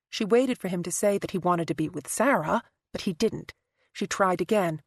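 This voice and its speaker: Woman narrating an audiobook, low and dry. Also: moderate pace, breathy edge, no echo. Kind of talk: scripted narration.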